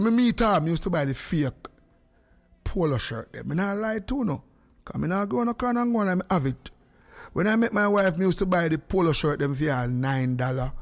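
A man with a Jamaican accent hosting a live stream from his home studio, joking and teasing as he calls out to viewers by name. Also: fairly high pitch. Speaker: livestream host.

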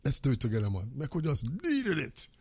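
A man with a Jamaican accent hosting a radio show, calling out greetings with repeated, animated shout-outs mixed with patois. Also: mid-range voice, fast, breathy edge.

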